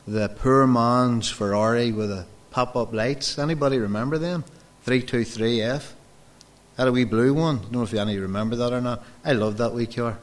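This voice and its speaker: A man preaching a sermon, telling personal stories and acting out the dialogue as he addresses his congregation directly. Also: mid-range voice. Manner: storytelling, acts out dialogue, addresses the folks directly.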